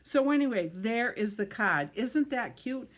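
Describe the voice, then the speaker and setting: A woman's voice: a little high, animated, measured pace. A middle-aged woman giving a card-making tutorial while she works, chatty and self-deprecating, tripping over words and laughing it off. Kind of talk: craft tutorial, talking while working.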